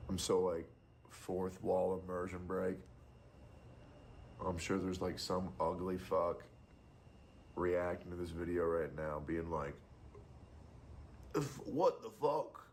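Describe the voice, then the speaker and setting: A man's voice: deep voice, completely flat delivery, slow pace, gravelly, long pauses, slight background noise. A young adult man streamer giving casual, blunt and profane commentary.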